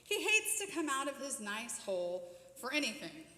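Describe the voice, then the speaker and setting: A woman's voice: high voice, big pitch swings, normal speed, bright, forceful tone, full character voice. A woman doing a soothing helpful owl. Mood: kindly. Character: calm, helpful owl guiding a lost child. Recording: echoey church hall.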